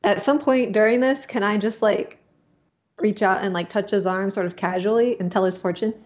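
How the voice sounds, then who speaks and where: Woman player at a game table, chatty, rambling, many fillers, middle pitch, muffled lo-fi sound. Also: steady tone, normal speed, a little mellow. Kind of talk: casual chat at a game table. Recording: dull lo-fi recording.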